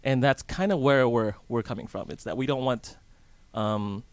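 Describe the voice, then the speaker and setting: A man's voice: mid-range voice, normal speed, clean tone, dry recording. A man guesting on a radio show, chatty and conversational, tossing questions back at the hosts. His voice sits in the middle range and the mic sound is dry and close. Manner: chatty, asks the hosts questions, restarts often. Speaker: real estate guest. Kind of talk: casual radio interview. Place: radio studio in a hotel.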